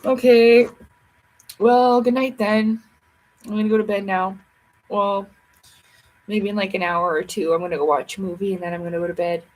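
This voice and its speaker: A woman's voice: mid-range voice, steady tone, normal speed, pauses often, darkish tone, poor audio. A tired woman chatting playfully and ramblingly with viewers on a casual livestream.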